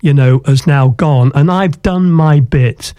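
A man's voice: on the high side, slow pace, mellow, no echo. A man who once owned a football club looks back on his story in an interview, in an anecdotal way with frequent "you know" fillers.

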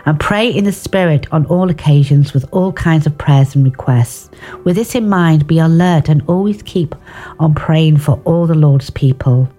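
A woman's voice: low-pitched, moderate pace, mellow, soft background music. A woman giving an informal devotional talk on prayer, earnest and personal, with restarts and asides. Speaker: devotional speaker.

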